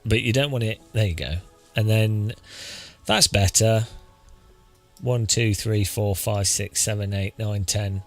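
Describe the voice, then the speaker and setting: A man's voice: fairly low pitch, a little slow, faint music behind. A man streaming live, testing and adjusting his studio microphone, joking wryly as he counts into it close up. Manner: rueful, joking, counting into the mic.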